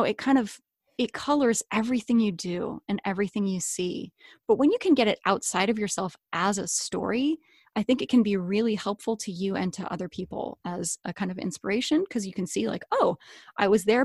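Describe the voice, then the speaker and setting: A woman chatting in an interview about her work as a story coach and podcaster, talking in a lively, playful way and laughing often. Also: medium pitch, no room sound, studio quality. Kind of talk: casual interview chat.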